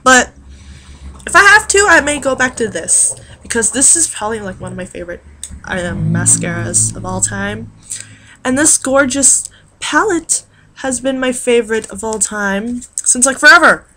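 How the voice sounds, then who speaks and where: Bright-voiced rambling beauty vlogger woman. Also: on the high side, animated, moderate pace, slight background noise. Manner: rambling, chatty, lots of fillers. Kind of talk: casual chat.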